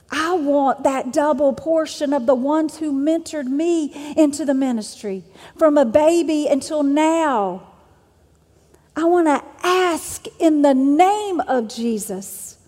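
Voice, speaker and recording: A woman's voice: high voice, warm tone, big-room sound. A woman preacher delivering a sermon with an emphatic, repetitive cadence.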